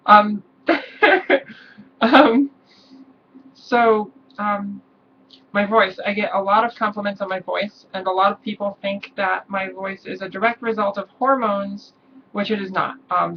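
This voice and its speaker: A young adult woman chatting casually in a vlog, relaxed, with many ums and little laughs. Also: mid-range voice. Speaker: vlogger. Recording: distant, dull lo-fi camera sound, faint hiss.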